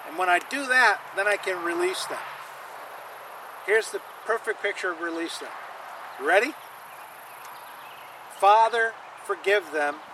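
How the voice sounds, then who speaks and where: A man's voice: high-pitched, animated, moderate pace, long pauses, background noise. A man preaching a sermon, emphatic, repeating lines for stress and calling on the congregation to say them with him. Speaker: pastor.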